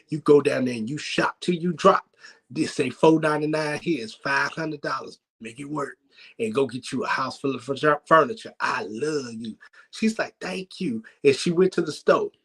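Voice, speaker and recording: A man hosting a church comedy night, telling a story in a lively, laughing way. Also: medium pitch, moderate pace, husky. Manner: animated, laughs while telling. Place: church sanctuary.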